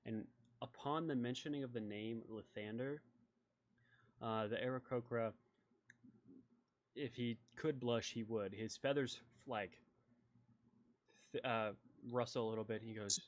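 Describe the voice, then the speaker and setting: A man narrating as game master, describing scenes in a calm, even way. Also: medium pitch, measured pace, long pauses, muffled recording.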